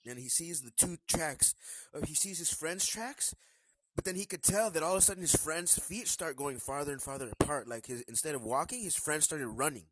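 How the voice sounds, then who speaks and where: A man hosting a live stream, telling a story in a casual, animated way and acting out the characters' lines. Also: fairly high pitch, a little fast, low-quality recording.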